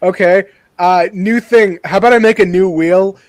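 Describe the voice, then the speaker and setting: A man's voice: high-pitched, moderate pace, a little hiss or hum. A man hosting a casual group chat, playful and joking as he runs the segment. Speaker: podcast host.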